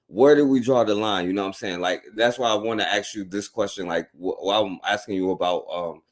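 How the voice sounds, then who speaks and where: A man with a very low voice asks long questions, stopping and restarting and filling the gaps with fillers. He sounds like a podcast host in casual talk. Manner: halting, filler-heavy.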